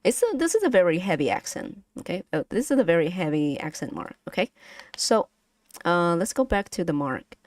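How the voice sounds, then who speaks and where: A woman's voice: lowish voice, sing-song, a little fast, a little mellow, no echo. Giggly Vietnamese-accented woman teaching tones. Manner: playful, giggly, drills tones aloud. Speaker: vtuber language streamer. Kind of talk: casual language lesson to stream chat.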